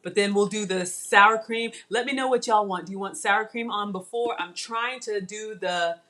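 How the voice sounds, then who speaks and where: A middle-aged woman hosting a casual live-stream cooking demo from her home kitchen, chatty and excitable, talking straight to her viewers. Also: mid-range voice, moderate pace. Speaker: cooking show host.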